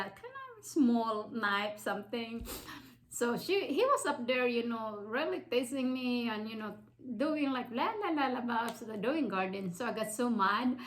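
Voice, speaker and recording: A woman's voice: fairly high pitch, a bit bright, poor audio. A woman from the Philippines with a Filipino accent, casually telling a personal story in a rambling way with many fillers and restarts.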